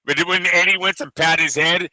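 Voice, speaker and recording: Man, high voice, very sharp bright tone, slangy, laughs a lot. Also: steady tone, fairly quick, dry recording. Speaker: boxing show co-host. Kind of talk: casual banter.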